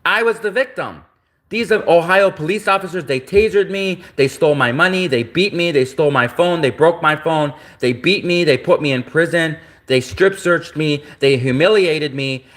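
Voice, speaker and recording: A man from Canada delivers an indignant livestream rant in a slightly high voice. He circles back to the same phrases again and again, hammering each point home. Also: normal speed, fairly bright tone. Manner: repetitive, indignant ranting. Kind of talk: ranting livestream monologue.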